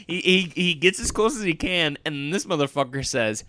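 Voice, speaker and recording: Animated, bright-voiced man recapping a movie. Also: a little high, moderate pace, no echo. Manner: animated storyteller, acts out quotes, laughs often. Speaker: podcast co-host. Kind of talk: casual movie-recap chat.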